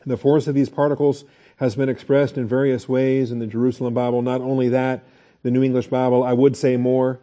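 A man's voice: mid-range voice, level tone, fairly quick, dark tone. A man teaching a Bible study lecture in a conversational way, asking the class questions and restarting his sentences.

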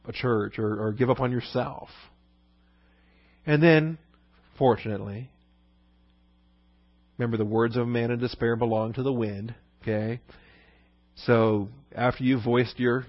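A man's voice: medium pitch, dry recording, muffled recording. A man preaching a sermon as a pastor, talking in a conversational way and asking rhetorical questions.

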